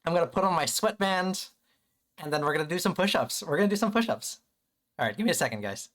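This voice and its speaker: A man live-streaming casually to his chat, playful and excitable, joking about himself and rambling as he sets things up. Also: fairly high pitch, fast talker. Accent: American. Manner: playful, chatty, self-deprecating, excitable.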